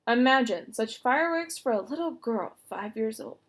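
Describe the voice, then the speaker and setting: A comforting mother, voiced by a woman reading aloud from a storybook. She speaks softly with gentle amusement, her voice slightly gravelly. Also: fairly high pitch, expressive, normal speed.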